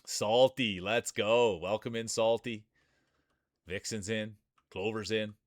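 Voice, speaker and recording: A man's voice: fairly low pitch, a bit bright, no echo. A man hosting a live stream, giving hyped, announcer-style play-by-play of marble races and greeting chat by name. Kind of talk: mock sports play-by-play commentary.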